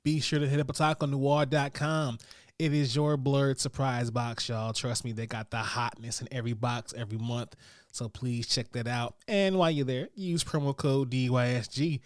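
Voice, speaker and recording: A man hosting his own podcast, giving quick hyped reviews in a slangy style that speaks straight to his listeners. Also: medium pitch, fairly even intonation, no echo, studio quality. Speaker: podcast host. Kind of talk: casual podcast chat and rapid review rundown.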